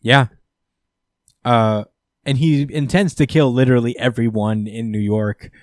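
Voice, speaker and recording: A man hosts a podcast, recapping a comic in a loose, casual way with plenty of swearing and laughter. His voice is mid-pitched for a man. The sound is dry and close to the microphone. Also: steady tone, a little slow, darkish tone, no room sound. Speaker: podcast host.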